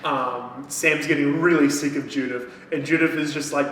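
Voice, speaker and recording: A man with a somewhat high voice recaps a book in casual conversation and swears freely. He sounds far from the mic in a very echoey room with faint noise behind him. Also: steady tone, normal speed, few pauses, fairly bright tone. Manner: profane, retells plot acting out characters' lines. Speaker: podcast co-host. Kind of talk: casual book-review chat.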